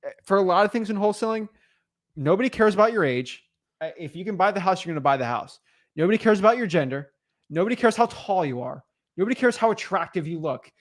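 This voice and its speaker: Homem animado de voz aguda. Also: male voice, sits high, lively intonation, quick pace, dry recording. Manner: emphatic, repeats points. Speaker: co-host of a live real estate stream. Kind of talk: live stream chat.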